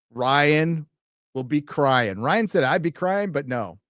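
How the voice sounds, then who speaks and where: A man's voice: mid-range voice, expressive, measured pace, a bit bright, no echo. A man from the United States hosting a casual live stream, reading donor messages aloud and answering them with dry jokes. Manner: reads donor messages aloud, wry and joking. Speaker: livestream host reading donations.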